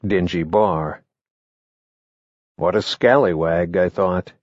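A man narrating his memoir in a measured, matter-of-fact way, reading from a script. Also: deep voice, no room sound, highs cut off. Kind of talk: first-person memoir narration, read from a script.

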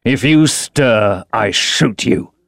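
A man voicing a vengeful young sailor who speaks slowly and threateningly, in a storybook reading. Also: medium pitch, lively intonation, creaky, a bit bright, no echo, clean studio sound, full character voice. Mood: menacing. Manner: slow, threatening, growling delivery.

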